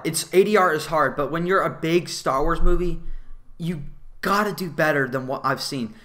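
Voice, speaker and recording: A young man with a bright, forceful voice that sits a little high gives a casual film review. He rants bluntly and swears freely, and his delivery is animated. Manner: blunt, animated, profane ranting. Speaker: movie reviewer.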